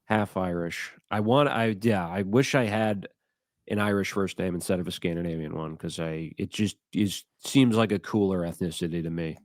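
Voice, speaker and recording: Low-voiced man telling rambling stories. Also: moderate pace, no echo, studio quality. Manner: rambling storyteller, self-deprecating. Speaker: podcast co-host. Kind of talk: casual comedic chat.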